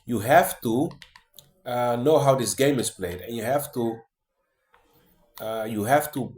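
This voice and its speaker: A man's voice: mid-range voice, slow, darkish tone. Man, rambling casual monologue, lots of fillers and restarts, roomy echo. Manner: rambling, many fillers and restarts, keeps saying man and guys. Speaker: vlogger.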